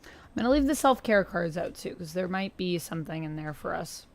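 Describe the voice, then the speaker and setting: A woman's voice: fairly low pitch, expressive, brisk. A woman hosting a casual tarot livestream, chatting and greeting viewers as she lays out her decks. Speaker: livestream host reading tarot.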